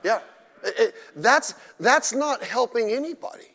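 A male pastor with a very high, sharp voice and lively intonation takes his time during a midweek church sermon. He's blunt and emphatic and slips in mocking asides, his words echoing around the hall.

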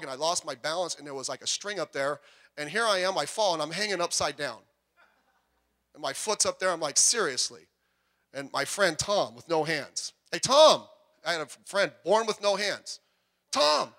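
An older man preaches from the pulpit, weaving in personal stories. His voice is bright and pitched a little high. He swings from loud emphasis to quiet, confiding asides. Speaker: pastor.

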